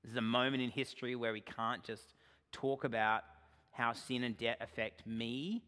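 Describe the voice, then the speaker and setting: A male pastor giving a sermon to his church, earnest and direct, swinging from emphatic points to quiet asides. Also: medium pitch, fairly even intonation, moderate pace. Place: church sanctuary. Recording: long hall reverb.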